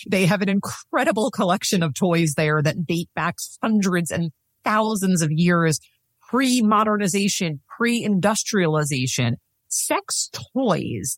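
A woman with a fairly low voice speaks in a podcast interview, earnest and emphatic, hammering home her main points. She laughs easily but stays serious. The sound is dry and close, with no room around it. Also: no room sound. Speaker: sex and intimacy coach, podcast guest.

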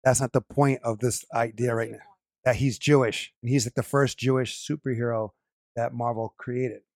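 Gravelly-voiced man explaining firmly. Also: mid-range voice, steady tone, moderate pace, a little mellow, no echo, studio quality. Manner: explanatory, corrects others firmly. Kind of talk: casual show review chat.

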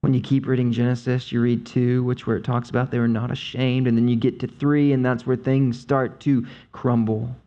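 A man preaching a conversational sermon, speaking with emphatic, drawn-out stresses. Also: medium pitch, level tone, mellow, muffled recording. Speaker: pastor.

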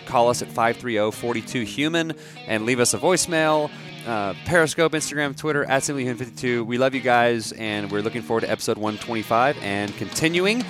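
A man co-hosting a podcast in casual chat, rambling and full of "like". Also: mid-range voice. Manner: rambling, heavy use of "like". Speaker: podcast co-host.

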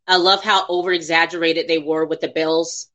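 A woman co-hosts a relaxed movie chat, quick to laugh and eager to agree. Her voice is bright and forceful, sitting a little low in pitch. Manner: enthusiastic, laughs often, agrees a lot. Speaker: podcast co-host. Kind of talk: casual chat about a movie.

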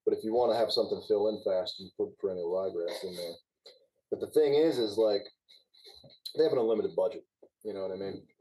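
A man with a very low, husky, mellow voice talks through golf course turf care. He explains in a relaxed, knowing way, chatting casually on a podcast. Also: brisk, low-quality recording. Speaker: guest, former golf course superintendent.

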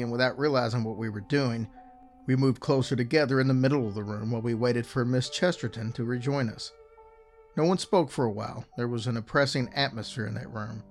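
An older man telling a first-person story in a calm, measured way, softening his voice on eerie details. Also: mid-range voice. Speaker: narrator. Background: faint music.

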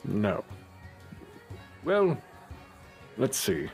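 A male game master narrating a tabletop game, thinking aloud as he goes. He speaks slowly, and his pitch swings a lot. Faint music plays behind him. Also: huge pitch swings.

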